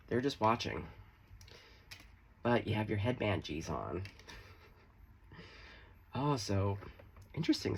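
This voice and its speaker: A man's voice: lowish voice, vocal fry, a little hiss or hum. A man giving a casual, chatty tarot reading to camera, swearing freely and making playful asides. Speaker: tarot reader.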